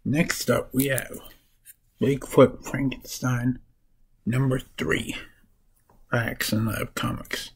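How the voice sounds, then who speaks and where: A man's voice: mid-range voice, fairly even intonation, slow, pauses often, husky, poor audio. A man casually summarizing comic books for his vlog, rambling and correcting himself as he goes. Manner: rambling, restarts and corrects names while summarizing. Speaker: comic book reviewer.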